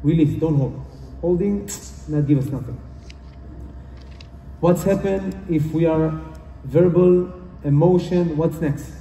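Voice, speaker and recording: A man's voice: fairly high pitch, measured pace, mellow, slight background noise. Earnest man speaking in a distant echoey hall. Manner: earnest, repetitive, non-native phrasing. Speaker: conference speaker. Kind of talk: motivational talk. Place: conference hall. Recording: roomy hall from far off.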